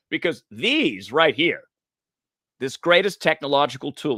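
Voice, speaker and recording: A man from the United States co-hosting a news talk show, animated and chatty and quick to laugh. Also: mid-range voice, no echo, studio quality. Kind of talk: casual political chat.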